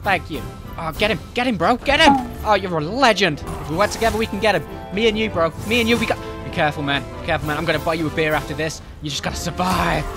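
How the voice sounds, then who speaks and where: A man giving joking, excitable commentary while playing a game, often shouting at enemies. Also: sits high, fast talker, few pauses, music in the background. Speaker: gaming YouTuber. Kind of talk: comedic let's-play commentary.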